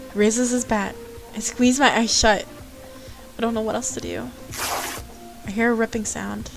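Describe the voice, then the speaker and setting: A woman's voice: on the high side, moderate pace, long pauses, faint music behind, poor audio. A woman streamer reading a visual novel aloud, with playful, joking asides.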